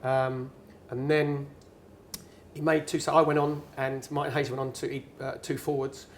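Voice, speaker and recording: Unhurried and medium-pitched, a middle-aged English guest speaker recounts a long story on stage at a networking event's bar, with a little hiss or hum audible. The former footballer and pundit tells it chattily and animatedly, acting out what people said.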